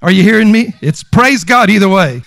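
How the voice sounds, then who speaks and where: A man's voice: high-pitched, lively intonation, moderate pace, gravelly, a bit bright, no echo. A man preaching a sermon as pastor, emphatic and conversational, repeating lines for stress. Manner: conversational with fillers and restarts.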